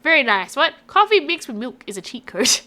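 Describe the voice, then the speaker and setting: Australian woman streamer, high voice, chatty and rambling while reading chat. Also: big pitch swings, brisk, sharp tone. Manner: chatty, rambling, reacting to chat with frequent laughs. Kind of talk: casual live-stream chat with viewers.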